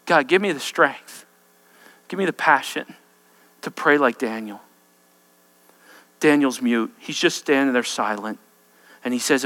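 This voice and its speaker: A man preaching a sermon, swinging between loud, intense lines and hushed, quiet ones. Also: medium pitch, a little slow, long pauses.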